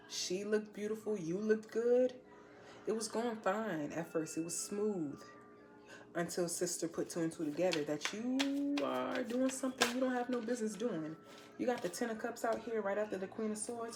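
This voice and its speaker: A woman's voice: mid-range voice, a little mellow. A woman giving a casual tarot reading to a viewer, blunt, slangy and teasing as she lays out the cards. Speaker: tarot reader.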